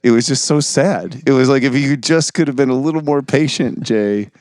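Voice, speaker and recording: A man's voice: medium pitch, normal speed, no echo, studio quality. A man co-hosting a casual podcast, telling a long rambling story full of "like" and hedges. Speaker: podcast co-host. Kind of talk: casual chat about music and film.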